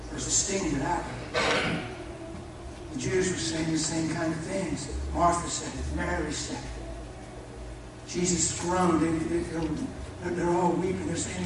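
A man preaching a fervent sermon, swinging from shouts to hushed intensity and speaking folksily to his listeners. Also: a little high, fairly even intonation, a little slow. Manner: folksy, addresses listeners as "brother". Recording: echoey hall, mic far off, faint noise.

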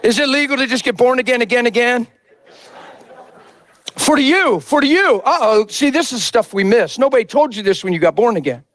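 A male preacher delivering an impassioned sermon that swings between shouted lines and soft, intimate asides. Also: very high voice, quick pace, hardly any pauses, no echo.

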